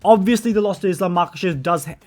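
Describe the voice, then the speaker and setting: A man's voice: sits high, fast, a little mellow. Opinionated young man ranking fighters. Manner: blunt, opinionated, with frequent fillers and self-corrections. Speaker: MMA commentary channel host. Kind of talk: opinionated solo commentary. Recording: faint background music.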